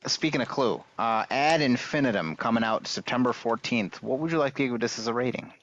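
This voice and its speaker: A man's voice: medium pitch, a little fast. A man hosting a casual group chat, going through a list of games and pushing the others for answers. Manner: animated, hurrying the others along. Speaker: podcast host running a game rating list. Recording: dull lo-fi sound.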